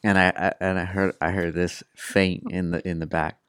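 A man with a deep, smooth voice talks in a loose, casual way, stacking slang and curse words into his stories. He laughs easily and keeps the chat relaxed. The sound is dry and close to the mic. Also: moderate pace, dry recording. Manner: laid-back storyteller, heavy slang and swearing, laughs often.

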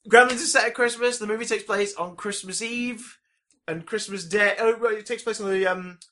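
A man's voice: high-pitched, moderate pace. A man chatting casually, retelling a film with lots of energy and swearing now and then. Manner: animated retelling, acts out scenes, swears casually. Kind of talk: casual chat.

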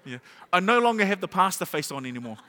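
A middle-aged pastor preaching a sermon, telling a humorous story and asking the congregation rhetorical questions. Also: male voice, sits high, very animated, quick pace, pushed and bright. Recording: long hall reverb.

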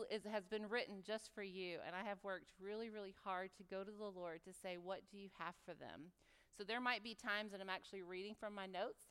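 A woman with a Texas drawl addresses a church women's retreat in a casual, folksy sermon style, full of asides and fillers. Her voice is smooth and resonant. It rings out with long reverb in a large church hall. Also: medium pitch, a bit bright. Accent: Texan.

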